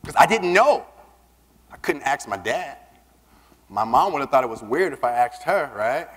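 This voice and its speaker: A man giving a keynote speech, telling a personal story with lively, acted-out dialogue. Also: mid-range voice, normal speed, husky. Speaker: keynote speaker. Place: large conference hall. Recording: long reverb of a big hall.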